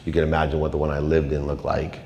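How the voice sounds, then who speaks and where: A middle-aged man with a very low voice tells a motivational story from a conference stage. He sounds confessional and emotional, and his loudness swings sharply. The recording is roomy, with a long reverb tail from a large hall. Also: completely flat delivery, fast, slight background noise. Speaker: keynote speaker.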